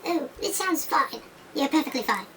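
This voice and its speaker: Woman doing a puppet doctor guy, new on the job, clipped put-on foreign twang, kinda high. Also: lively intonation, normal speed, sharp tone, distant mic, a little hiss or hum, exaggerated voice. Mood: matter-of-fact. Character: new, self-assured male doctor puppet.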